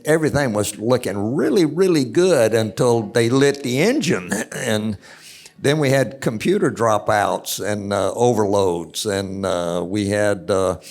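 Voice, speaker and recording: An older man with a Southern US accent tells a long story on stage, halting often with filler sounds. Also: medium pitch, a little mellow. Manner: halting, many uh fillers, slow drawl. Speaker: astronaut guest.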